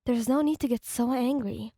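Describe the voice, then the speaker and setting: A woman voicing a frightened young woman in a soft, pleading whispered role-play. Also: fairly high pitch, moderate pace, husky, no room sound, studio quality.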